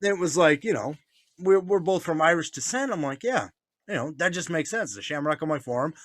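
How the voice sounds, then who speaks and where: A man's voice: fairly high pitch, lively intonation, fairly quick, a bit bright, dry recording. A man telling stories in casual chat, swearing often, laughing, and acting out what others said. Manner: profane, laughing, acts out voices in stories. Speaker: podcast co-host.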